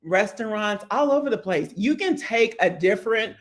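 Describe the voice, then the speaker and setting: A woman's voice: mid-range voice, lively intonation, moderate pace. A woman from Louisville, a real estate agent giving upbeat, chatty advice to people moving to her city. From Louisville, Kentucky. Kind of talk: casual advice vlog.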